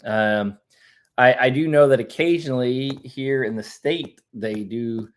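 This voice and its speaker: A man co-hosting a family live stream, talking loudly and excitedly in casual chat, from the United States. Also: mid-range voice, a little slow, a little hiss or hum. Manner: loud, excitable, lively delivery.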